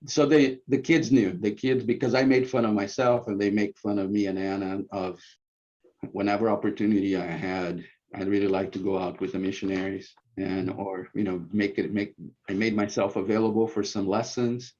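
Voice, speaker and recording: A man, a former bishop, telling stories at a church gathering in a casual, animated way, acting out quoted lines loudly. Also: fairly low pitch, moderate pace. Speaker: former bishop sharing ward memories. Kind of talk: informal reminiscing talk. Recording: muffled lo-fi recording.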